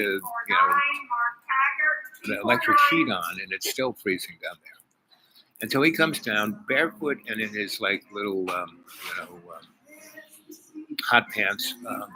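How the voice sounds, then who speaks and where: A man's voice: on the low side, pushed and bright, a little hiss or hum, rough recording. A man vlogging to his viewers, telling a personal story in a rambling way, full of fillers and asides. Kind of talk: casual storytelling vlog.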